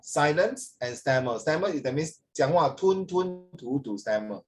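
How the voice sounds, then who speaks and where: A male tutor runs an English class over a video call, cracking jokes and slipping between English and Chinese. His voice sits a little high for a man, and he keeps a playful, chatty teaching manner. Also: lively intonation, normal speed.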